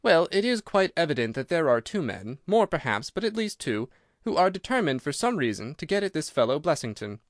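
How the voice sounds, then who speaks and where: Cool, incisive detective, crisp and assured, a touch raised in pitch , voiced by a male reader; dry close sound. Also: big pitch swings, brisk, dry recording. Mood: explaining. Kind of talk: audiobook character reading.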